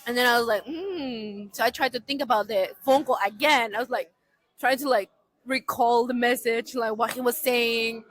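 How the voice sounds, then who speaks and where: A woman in her thirties with a fairly high voice tells a story as a podcast guest. Her talk is animated and loose, full of repeats and non-native grammar, and she laughs often. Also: moderate pace, poor audio. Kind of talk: casual storytelling.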